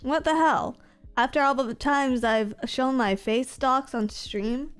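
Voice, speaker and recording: A woman chats casually on her stream, teasing herself and giggling between lines. Her voice sits a little high and comes through smooth and clean. Quiet music plays underneath. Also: takes it slowly. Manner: playful, giggly and self-mocking. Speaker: VTuber streamer. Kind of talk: casual stream chat reading comments.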